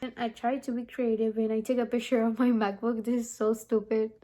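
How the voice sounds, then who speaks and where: A young woman chatting to the camera in a relaxed vlog, rambling and filling her talk with "like" and "honestly". Her voice is fairly high but soft and mellow. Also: a little fast. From from abroad, lives in the US. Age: young adult. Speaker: vlogger. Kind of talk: casual vlog chat to camera.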